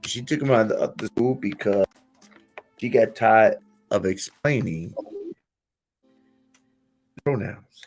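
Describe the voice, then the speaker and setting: A man hosting a casual talk, telling stories with lively acted-out quotes and laughing at his own jokes. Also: fairly low pitch, slow, long pauses, soft background music. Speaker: podcast host. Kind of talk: casual conversational commentary.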